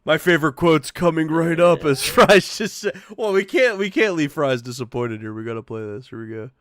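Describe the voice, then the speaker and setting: A man hosting a casual online talk show, animated and laughing, swearing often as he reacts to clips with his guests. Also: a little high, brisk, dry recording. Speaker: podcast host. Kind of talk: casual chat.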